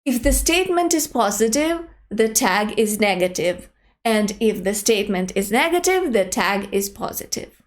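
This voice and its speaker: A young adult woman teaching an online grammar lesson, speaking example sentences slowly and clearly. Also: medium pitch, big pitch swings. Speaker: language teacher.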